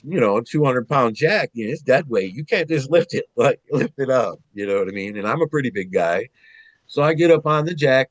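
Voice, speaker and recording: Casting: man, mid-pitch, rambling storyteller, dry close sound. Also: dry recording. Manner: rambling, animated, swears, restarts often. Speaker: guest. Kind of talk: casual storytelling conversation.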